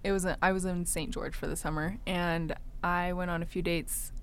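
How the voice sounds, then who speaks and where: A woman's voice: lowish voice, normal speed, a little hiss or hum. A young woman telling a funny dating story in a casual way, laughing often and acting out what people said. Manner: animated, laughing often, acts out quoted lines.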